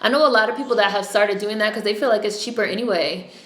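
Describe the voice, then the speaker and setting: A woman's voice: medium pitch, quick pace, fairly bright tone. A woman with a New York accent hosting a casual livestream, chatting bluntly with lots of swearing. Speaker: livestream host. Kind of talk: casual live-stream chat. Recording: echoey room.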